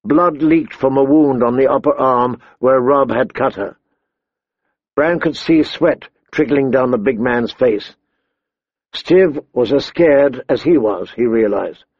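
A man narrating a fantasy audiobook in a measured, deliberate storytelling manner. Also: medium pitch, husky, no room sound. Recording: slightly dull, dry recording.

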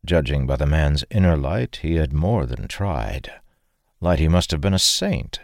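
A man with a very low voice narrates a fantasy novel in a steady, measured way. The recording is close and completely dry, with no room sound. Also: creaky, no echo. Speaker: audiobook narrator.

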